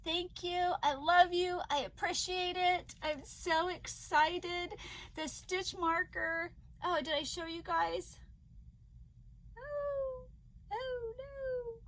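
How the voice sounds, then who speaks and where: Very high-voiced, gushing woman vlogger. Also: slow pace. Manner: gushing and excitable, gasping often. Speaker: crochet vlogger. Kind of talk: casual unboxing chat to viewers.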